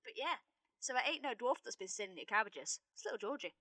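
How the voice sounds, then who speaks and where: Brief: woman playing a bright-voiced, conspiratorial country gossip, dry close sound. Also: a little high, sing-song, quick pace, no room sound, full character voice, rough recording. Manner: conspiratorial, folksy storyteller. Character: sly country villager spreading gossip. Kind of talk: improvised character play.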